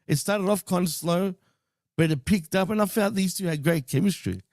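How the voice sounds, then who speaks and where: A man co-hosting a wrestling podcast in a loose, excitable way, throwing in dude and bro and the odd swear. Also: high-pitched, normal speed, no echo, clean studio sound. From Greek heritage. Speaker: podcast co-host. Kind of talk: casual wrestling chat.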